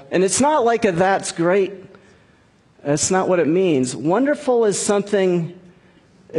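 A man's voice: a little high, a little mellow, slightly rough. A man preaching a conversational sermon as a pastor, explaining scripture with frequent restarts and asides.

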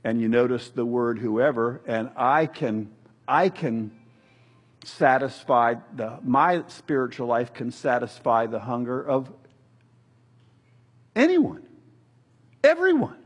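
Middle-aged male pastor, husky voice, casual animated preaching with humor. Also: mid-range voice, a little slow. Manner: conversational, animated preaching with jokes and acted quotes. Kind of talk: sermon.

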